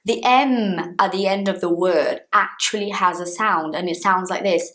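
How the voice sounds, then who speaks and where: A Brazilian woman with a slightly low voice, teaching English pronunciation from her home. She speaks at an unhurried, deliberate pace with a Brazilian Portuguese accent, stretching out sounds to demonstrate them. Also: fairly bright tone. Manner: slow, emphatic, demonstrating sounds. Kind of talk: pronunciation lesson to camera.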